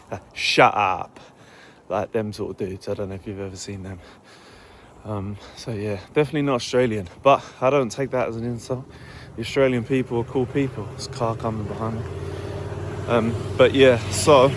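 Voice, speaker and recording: A young man with an Essex accent chats to camera while out walking in the early morning. He talks in a loose, laid-back ramble and swears without a second thought. His pitch sits in the ordinary middle range for a man. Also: noisy background. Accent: Essex English. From Essex, England. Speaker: fitness vlogger. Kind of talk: casual vlog talk. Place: outdoors on an early morning walk.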